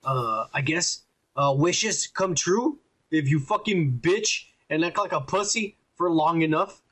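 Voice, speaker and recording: A man's voice: a little high, expressive, measured pace, fairly bright tone. A man hosting a podcast in profane casual chat, bossy and swearing, cutting his co-host off.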